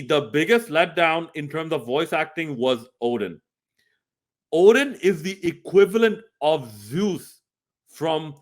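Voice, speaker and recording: A man reviewing a video game, speaking earnestly and emphatically straight to his viewers. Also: a little high. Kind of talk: scripted review talk.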